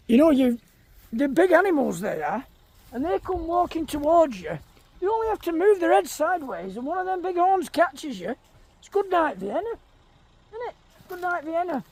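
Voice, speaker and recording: A man's voice: very high voice, darkish tone. A man, vlogging outdoors in a field, chatting casually to his viewers and his animals. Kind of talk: casual vlog chat.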